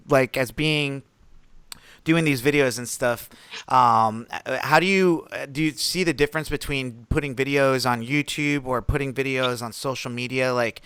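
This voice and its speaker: A man co-hosting a podcast in casual chat, relaxed and affirming, asking long rambling questions. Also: medium pitch, clean tone, no room sound. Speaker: podcast co-host.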